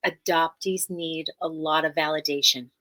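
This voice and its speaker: A woman's voice: deep voice, steady tone, normal speed, fairly bright tone. A woman therapist as a podcast guest, speaking earnestly and emphatically in a teaching manner and repeating key phrases.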